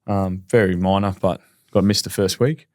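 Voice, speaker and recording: A man in his thirties with an Australian accent, telling his story candidly in a relaxed podcast chat. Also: sits low, no room sound, clean studio sound. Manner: rapid, candid, laid-back with frequent ums. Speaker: podcast guest, professional footballer.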